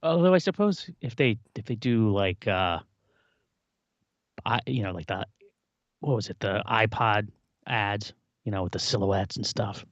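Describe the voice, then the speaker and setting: A man co-hosting a casual live tech podcast, sarcastic and animated. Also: on the low side, unhurried, long pauses, no room sound, muffled recording. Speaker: podcast co-host. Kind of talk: casual live-stream chat.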